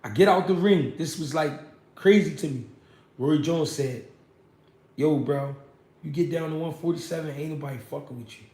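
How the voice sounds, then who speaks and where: A young man, a former pro boxer, telling his story in a casual, animated, profane way. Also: a little high, moderate pace. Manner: animated, profane street talk with many "you know what I mean". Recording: echoey room.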